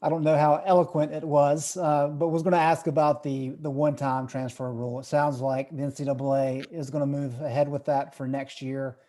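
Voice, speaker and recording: A man's voice: fairly high pitch, flat delivery, fairly quick, few pauses, mellow. A man who is a reporter, asking a question at a press conference over a video call.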